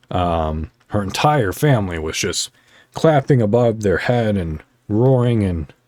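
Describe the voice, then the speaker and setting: A man hosting a podcast, telling a story in casual chat with many fillers and pauses, heartfelt and halting. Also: low-pitched, dry recording, clean studio sound. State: choked up. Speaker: podcast host.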